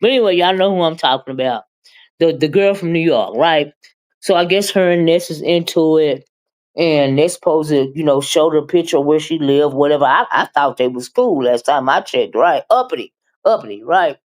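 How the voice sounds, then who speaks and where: Calling her viewers "honey" and "child," a low-pitched woman delivers chatty, animated commentary on a casual live stream, occasionally rushing what she says.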